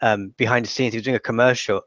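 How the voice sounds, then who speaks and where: A man's voice: mid-range voice, steady tone, fast talker, a bit bright, no room sound. A man, hosting a casual chat in a rambling way with frequent restarts. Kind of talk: casual conversation. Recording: dull lo-fi dry audio.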